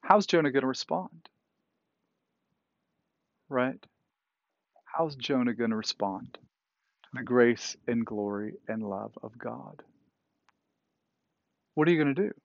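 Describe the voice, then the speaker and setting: A man's voice: mid-range voice, expressive, takes it slowly, gravelly, pauses often, dry recording, highs cut off. A man preaching a sermon in a conversational way, often checking in with "right?" as he retells a story. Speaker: pastor. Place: indoors, cool enough for a jacket.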